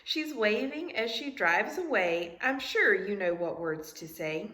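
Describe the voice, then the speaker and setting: A woman teacher reading a picture book aloud to young students, asking them questions in an animated, sing-song way. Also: mid-range voice, a little slow, hardly any pauses, roomy sound.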